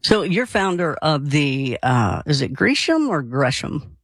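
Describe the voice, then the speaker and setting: A man's voice: fairly high pitch, expressive, unhurried, dry recording, studio quality. A man interviewing a hypnotist, asking friendly, rambling questions.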